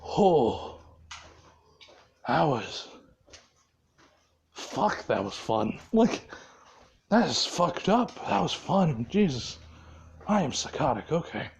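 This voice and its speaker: A calm, unhinged teenage boy killer, as a storyteller puts him on, talking low and matter-of-fact about what he has done. The voice swings up and down in pitch but never hurries. It sounds like quoted lines dropped into a casual spoken story. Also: slow pace, vocal fry, pauses often, a little hiss or hum, full character voice. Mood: eerily calm.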